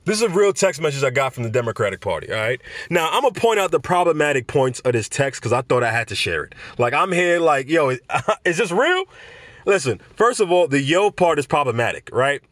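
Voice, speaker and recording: A young man from Florida talking in casual commentary, an animated storyteller who laughs often and repeats himself. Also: a little high, brisk, no room sound. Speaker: vlogger.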